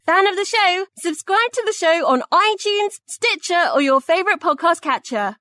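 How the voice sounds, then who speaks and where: A woman's voice: very high-pitched, lively intonation, moderate pace, pushed and bright, soft background music, pitched above the performer's own voice, heavily acted. A woman voicing a perky female podcast promo announcer with an upbeat, sing-song delivery. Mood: chipper.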